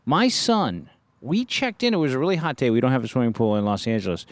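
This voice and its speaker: A man's voice: medium pitch, expressive, quick pace, dry recording. A man hosting a podcast, telling family stories enthusiastically in casual comedic chat.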